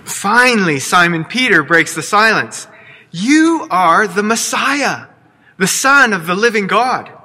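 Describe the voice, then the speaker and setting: Bright high-voiced man preaching in a reverberant hall. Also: unhurried, slightly rough. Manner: expressive storytelling, voicing quotes with playful asides. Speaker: pastor. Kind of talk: sermon.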